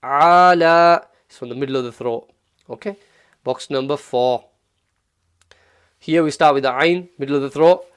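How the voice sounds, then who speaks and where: A man teaching Quran recitation in a relaxed, encouraging way, with frequent fillers and restarts, and drawing out louder model recitations. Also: mid-range voice, normal speed, pauses often, clear, resonant tone. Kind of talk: casual recorded lesson.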